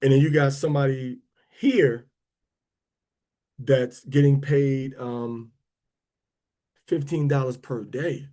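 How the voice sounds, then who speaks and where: A man's voice: medium pitch, steady tone, slow pace, long pauses, dark tone. A man, talking casually to an online audience, rambling with restarts and drawling words for emphasis. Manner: rambling and conversational, with many restarts. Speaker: speaker of a prayer and teaching livestream.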